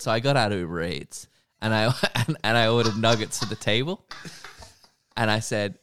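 A man's voice: fairly low pitch, a little fast, smooth, dry recording, clean studio sound. A young man co-hosting a podcast, telling stories with lots of swearing. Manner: animated storyteller, swears freely. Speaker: podcast co-host. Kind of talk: casual chat.

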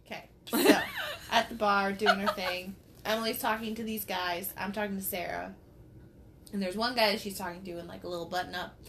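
A woman co-hosting a podcast, telling a story in an animated way, laughing often and swearing casually. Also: medium pitch, a little fast, slight background noise. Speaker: podcast co-host.

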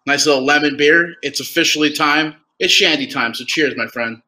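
A man's voice: on the high side, moderate pace, pushed and bright, low-quality recording. A man with a New Jersey accent, a guest in a casual interview, talking in an easygoing, joking way. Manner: joking, easygoing, laughs often. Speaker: guest, baseball team general manager.

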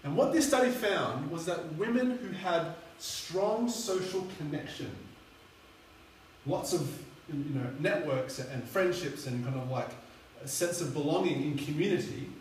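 Chatty preacher in a very echoey hall. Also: male voice, fairly high pitch, expressive, measured pace. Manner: chatty, rambling, many fillers. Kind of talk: sermon storytelling. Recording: echoey hall, distant mic, faint hum.

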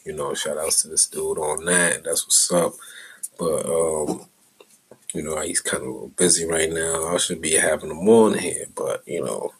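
A middle-aged podcast host with a very low, husky voice rambles off the cuff in a loose, profane street style, drifting from muttered asides into heated rants. His tone stays steady at a normal speed, and the audio quality is poor.

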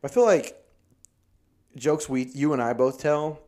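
A man's voice: mid-range voice, unhurried, a little mellow. Profane chatty male comedian host. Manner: loose, profane, talks in quoted asides. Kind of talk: casual podcast chat.

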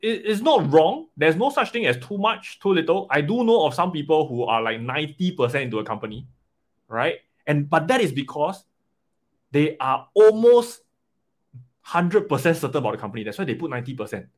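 A man coaching an investing webinar live, animated and often checking in with "right?" and "okay?". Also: a little high, fast.

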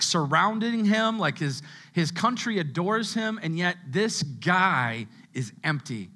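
Young man preaching, conversational sermon, bright forceful voice, slightly high, drops to a hush on key words. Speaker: pastor.

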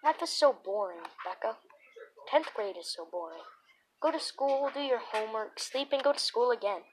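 A cocky, reckless teenage boy from a spooky storybook, always teasing and chasing thrills, as a woman reads him aloud. He talks in a bright, fairly high voice. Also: lively intonation, moderate pace, a little hiss or hum, natural voice, poor audio.

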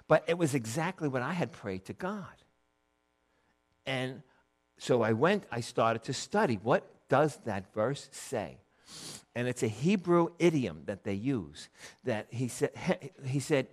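A man's voice: mid-range voice, animated, moderate pace. Man preaching a casual sermon. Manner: casual storytelling, acting out quoted voices. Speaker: pastor. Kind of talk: conversational sermon.

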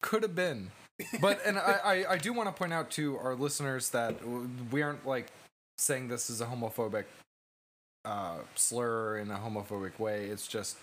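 A man's voice: medium pitch, moderate pace, a bit bright, a little hiss or hum. A young man co-hosting a casual movie podcast, telling stories loosely and laughing along. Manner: laughing, loose storytelling with swearing. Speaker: podcast co-host. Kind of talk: casual chat.

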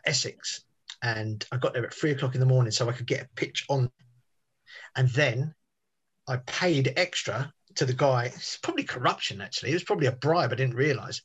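A man's voice: mid-range voice, slightly rough. A man, telling a rambling story in casual podcast chat. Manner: chatty, rambling with restarts and tangents. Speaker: podcast guest.

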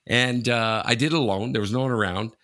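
A man's voice: mid-range voice, fairly quick, fairly bright tone. A man hosting a casual podcast, telling a frank personal story, swearing freely and turning to his co-host as he talks.

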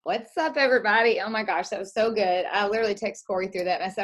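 A woman's voice: medium pitch, fast talker, few pauses. Passionate woman coaching her team. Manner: passionate, emphatic, addresses listeners as guys. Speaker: health coach leading a team call. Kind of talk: motivational team training talk.

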